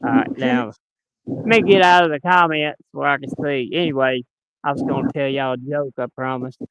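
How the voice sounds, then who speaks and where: A man's voice: medium pitch, fairly quick, a bit bright, clear, resonant tone, muffled recording. A man, a guest on a livestream, telling a joke in a rambling, folksy way. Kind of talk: casual joke-telling chat.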